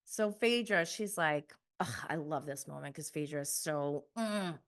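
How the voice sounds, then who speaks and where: A woman's voice: low-pitched, a little slow. A young adult woman giving a casual, gossipy recap of a reality show, laughing often and acting out contestants' lines.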